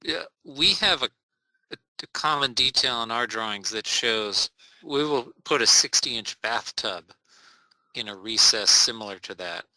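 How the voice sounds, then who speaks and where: A man's voice: medium pitch, lively intonation, a little slow, bright, forceful tone, no room sound, low-quality recording. A man in the audience politely asking a presenter a detailed question.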